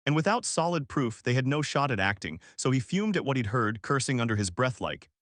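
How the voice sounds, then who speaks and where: Lively man narrating a story recap. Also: mid-range voice, no echo, studio quality. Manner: punchy, slangy retelling with quick restarts.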